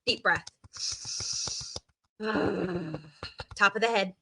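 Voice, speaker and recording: A woman guiding a tapping meditation, coaxing listeners to repeat phrases and take deep sighing breaths. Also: animated, moderate pace, noisy background. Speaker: tapping session leader.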